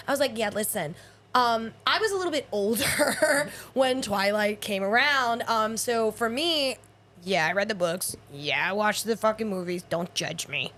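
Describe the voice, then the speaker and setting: A woman in her forties co-hosting a podcast, telling animated stories in casual chat, acting out quoted voices, swearing and laughing often. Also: on the high side, normal speed. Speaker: podcast co-host.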